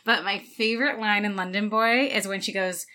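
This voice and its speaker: A woman's voice: medium pitch, normal speed, bright, forceful tone. A young woman co-hosting a casual podcast, chatty with lots of fillers and frequent laughs. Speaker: podcast co-host. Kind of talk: casual chat.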